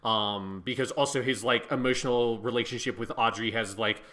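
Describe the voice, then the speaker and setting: Bright, excitable man talking casually. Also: mid-range voice, a little fast. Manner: excited, swears a lot, fills with "like". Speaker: podcast co-host. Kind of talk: casual chat.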